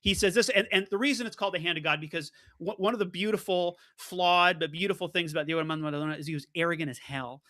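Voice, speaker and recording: A man co-hosting a debate show, telling stories with animated energy and lots of fillers and restarts. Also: high voice, fast, few pauses. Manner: excitable storyteller, many fillers and restarts.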